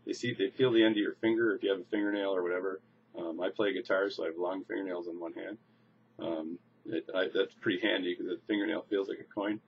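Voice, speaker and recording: A man casually demonstrating a coin magic trick, relaxed and restarting phrases as he shows each move. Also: low-pitched, fast, vocal fry. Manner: relaxed, repeats words and restarts while demonstrating. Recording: slightly dull lo-fi recording with faint noise.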